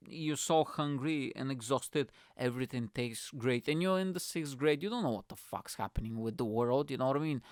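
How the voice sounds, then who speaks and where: Young male host, animated profane ranter, smooth voice, dry close sound. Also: medium pitch, dry recording. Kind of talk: solo podcast rant.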